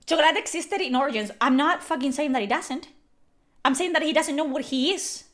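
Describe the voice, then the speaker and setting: A woman from Spain with a Spanish accent and Spanish as her first language, commenting on a game in an animated, emphatic, exasperated way and swearing freely. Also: high voice, brisk. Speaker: streamer.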